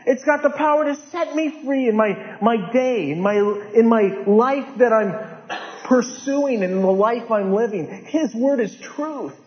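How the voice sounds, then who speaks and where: Male pastor, sermon, impassioned with hushed drops, long hall reverb. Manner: impassioned, swings from loud urgent peaks to low hushed lines. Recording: dull lo-fi sound in a large reverberant hall.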